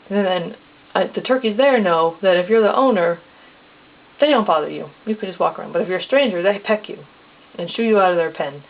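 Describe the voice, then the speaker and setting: A woman telling a casual personal story step by step, acting out the dialogue in plain quotes. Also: mid-range voice. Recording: tinny phone-like lo-fi recording.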